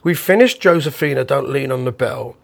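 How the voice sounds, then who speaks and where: A man, a bandleader, casually telling a rambling, animated anecdote with the odd chuckle. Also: medium pitch, a little fast, vocal fry.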